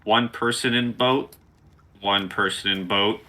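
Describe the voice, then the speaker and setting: A man running a tabletop game as game master, calmly explaining the setup step by step. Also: fairly low pitch, measured pace.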